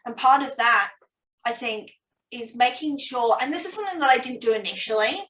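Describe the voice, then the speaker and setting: A chatty young woman, a PhD student, talks in a slightly high voice, peppering her sentences with fillers and self-deprecating asides. She sits back from the mic, and the room gives her voice an echoey sound. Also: moderate pace, fairly bright tone. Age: young adult. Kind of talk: casual academic conversation. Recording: roomy sound from a distance.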